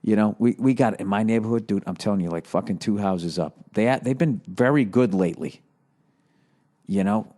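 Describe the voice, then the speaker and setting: A podcast host in his forties with a Boston accent rambles through a comedic monologue, grumpy, profane, and mentally exhausted. His voice is lowish and mellow at a moderate pace, and he rants with sarcastic asides.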